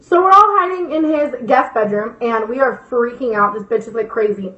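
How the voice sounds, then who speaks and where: High-voiced young woman telling a dramatic story. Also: normal speed, bright, forceful tone. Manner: dramatic, profane, filler-heavy storytelling. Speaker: YouTuber. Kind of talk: storytime vlog. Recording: echoey lo-fi room sound.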